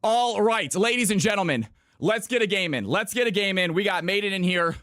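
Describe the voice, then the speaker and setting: A man's voice: high-pitched, fairly quick, a bit bright, no room sound, studio quality. A man hosting viewer games on a live stream, hyped and chatty, often repeating himself as he sorts players. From California. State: out of breath.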